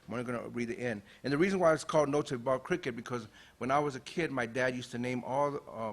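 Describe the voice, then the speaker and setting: A poet from Los Angeles, a man, gives a relaxed, conversational introduction and then reads his verse in a measured, declamatory way. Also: mid-range voice. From Los Angeles, USA. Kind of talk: poetry reading with spoken introduction. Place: university lecture hall.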